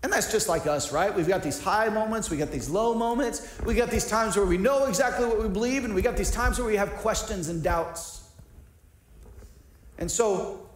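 A male pastor giving a conversational, animated sermon, often restarting his sentences. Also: sits high, moderate pace, roomy sound, poor audio.

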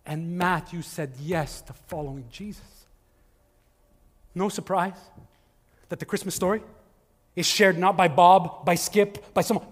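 A middle-aged male pastor giving a conversational sermon in a church, swinging from loud emphasis to hushed asides. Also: high voice. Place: church sanctuary. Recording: long hall reverb with faint music.

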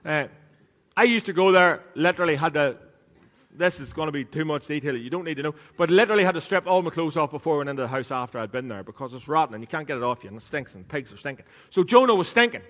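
A man preaches into a microphone in a tone that is a touch high for a man. His delivery is chatty and jokey, with teasing asides to his listeners. The sound carries a long reverb from the church hall around him. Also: animated, fast, a bit bright. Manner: conversational and joking, with a teasing aside to the congregation. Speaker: pastor. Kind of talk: sermon.

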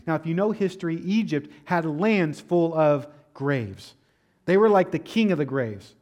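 A man's voice: fairly high pitch, expressive, a little slow. A man preaching a sermon, asking rhetorical questions, reading scripture and dropping casual asides. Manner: preaching with rhetorical questions, rising to loud emphatic peaks. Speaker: pastor.

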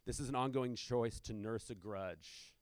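A man's voice: medium pitch, unhurried, no room sound. Male pastor, conversational sermon delivery, rhetorical asides, dry recording.

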